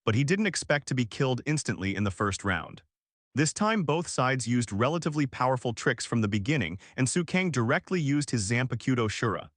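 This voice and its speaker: A man narrating an audiobook as scripted narration, reading in a flat, even way. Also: medium pitch, fairly quick, no room sound, studio quality.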